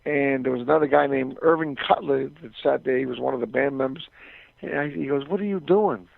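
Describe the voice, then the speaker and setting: A man's voice: medium pitch, steady tone, a little fast, vocal fry, no echo. An older man, a former boxer calling in as a guest, telling a long story in a rambling way, repeating words and acting out the voices of people he quotes. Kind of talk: phone-in storytelling. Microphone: phone call. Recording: dry tinny phone line.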